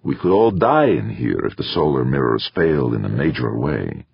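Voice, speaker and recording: A man voicing a worried, brooding male engineer who talks low and quietly. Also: big pitch swings, moderate pace, creaky, slightly rough, no echo, heavily acted. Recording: dull lo-fi dry.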